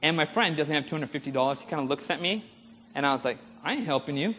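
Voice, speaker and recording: A man's voice: on the high side, fast, a little hiss or hum. A man preacher telling stories in a sermon and calling for amens from the congregation. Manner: storytelling, animated, asks audience for amens. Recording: long hall reverb.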